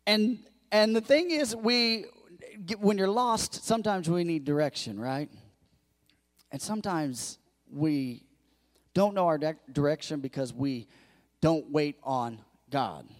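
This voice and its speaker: Male pastor, high-pitched, animated storyteller at the pulpit. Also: slow, big-room sound. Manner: storytelling, animated, acts out quotes. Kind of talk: sermon.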